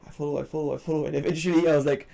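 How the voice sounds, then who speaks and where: A man's voice: a little high, steady tone, very fast, creaky, dark tone. A man from France with a French accent, co-hosting a casual podcast chat in English and thinking aloud with many restarts. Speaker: podcast co-host.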